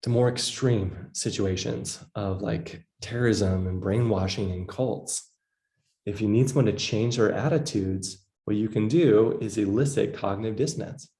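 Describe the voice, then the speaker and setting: A man's voice: fairly low pitch, measured pace, dark tone, echoey room. A man giving a casual psychology lecture, full of fillers, acting out quoted voices. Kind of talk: recorded lecture.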